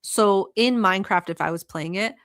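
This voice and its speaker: A woman's voice: medium pitch, normal speed, a bit bright. Blunt, sarcastic woman reacting to clips. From Middle East. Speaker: reaction channel host. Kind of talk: profane reaction commentary.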